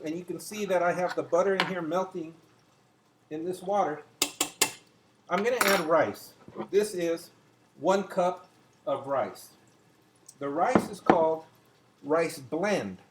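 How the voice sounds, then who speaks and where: A man's voice: sits high, measured pace, pauses often, heavy background noise. A chatty older man hosting a casual home cooking demonstration in his kitchen, talking viewers through each step as he works. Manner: chatty, talks to viewers as he cooks. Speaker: home cooking show host.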